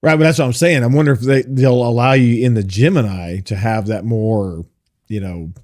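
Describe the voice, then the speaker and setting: A man co-hosting a tech podcast, chatting casually and hesitantly, with many pauses and fillers. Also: medium pitch, steady tone, darkish tone. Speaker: podcast co-host.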